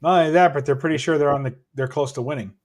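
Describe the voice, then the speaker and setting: A man's voice: fairly high pitch, fairly even intonation, rapid-fire. Joking man teasing his friends. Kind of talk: casual chat on a livestream.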